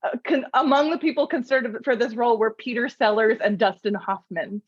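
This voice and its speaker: A woman podcast host in casual chat, telling film trivia in a lively storytelling way with frequent laughs. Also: fairly high pitch, brisk, slightly rough, dry recording, muffled recording.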